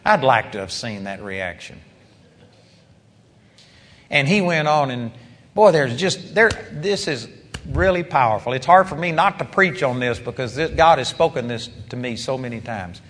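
A man's voice: mid-range voice, lively intonation, moderate pace, fairly bright tone, in a large hall. A man preaching a sermon, retelling a story with emphatic rises and asides.

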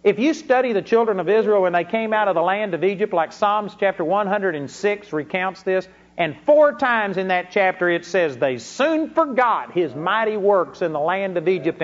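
Male preacher, high voice, folksy storytelling sermon, dull lo-fi recording. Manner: folksy storytelling with bursts of emphasis.

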